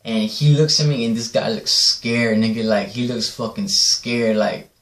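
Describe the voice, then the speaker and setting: A man's voice: mid-range voice, steady tone, measured pace, a bit bright. A man casually telling a rambling personal story, swearing often and checking in with "right?". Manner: profane, rambling, repeats "right?". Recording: echoey room.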